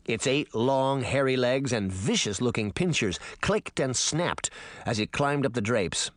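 A man narrating a children's novel in an expressive storytelling manner, voicing each character. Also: medium pitch, a little slow, no room sound, clean studio sound. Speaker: audiobook narrator. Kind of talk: scripted narration.

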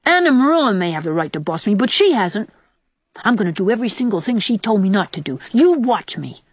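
A woman's voice: medium pitch, big pitch swings, fairly quick, no room sound. A woman reading the part of a defiant nine-year-old boy who talks back recklessly and boasts. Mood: rebellious.

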